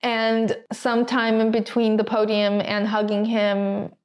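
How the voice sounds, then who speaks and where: Young woman, podcast co-host, casual chat, giggly, filler-heavy, slightly high voice. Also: monotone, measured pace, highs cut off. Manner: chatty, giggly, lots of "like" fillers.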